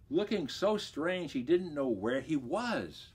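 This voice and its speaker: A man, a library director, reading a children's story aloud with expressive, lively storytelling. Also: fairly high pitch, takes it slowly, slightly rough.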